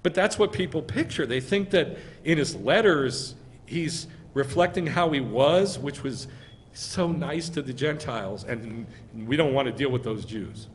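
A man's voice: medium pitch, expressive, a little slow, a little hiss or hum. A male rabbi preaching a sermon with emphatic delivery and rhetorical questions to his congregation.

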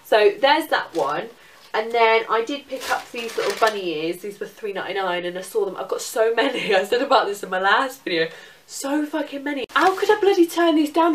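A young Englishwoman in casual, sweary, excitable chat about her shopping haul. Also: a little high, fairly quick, recorded from a distance, slight background noise. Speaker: vlogger.

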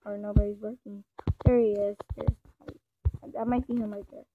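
A woman's voice: mid-range voice, level tone, moderate pace, close to an everyday voice. A woman voicing an easygoing married man buying a car in a game role-play. He rambles and talks to himself. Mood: chatty. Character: easygoing male car buyer with a wife. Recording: muffled and noisy, with background clicks.

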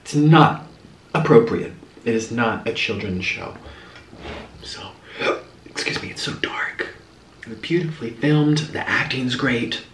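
Mukbang vlogger, male, animated storyteller, roomy sound, sits back from the mic. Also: medium pitch, a little slow, long pauses, far from the mic, a little hiss or hum. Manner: chatty, animated, dramatic asides. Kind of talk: casual storytelling while eating.

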